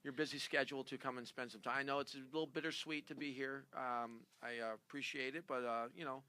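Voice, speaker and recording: Comedian host guy, stumbles over questions, very bright voice. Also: medium pitch, fairly even intonation, quick pace, smooth. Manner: stammering, laughing, restarts questions. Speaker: comedian talk show host. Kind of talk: improvised comedy interview.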